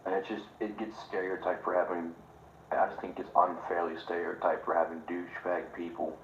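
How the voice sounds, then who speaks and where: Deep-voiced hesitant man, echoey sound. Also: flat delivery. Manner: hesitant, halting. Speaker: guest co-host. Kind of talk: casual chat. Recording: echoey room, dull sound, faint noise.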